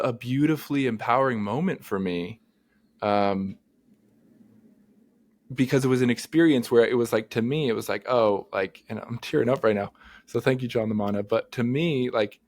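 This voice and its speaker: A man, a therapist co-hosting a podcast, talking casually and telling earnest, animated stories. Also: medium pitch. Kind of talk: casual conversation.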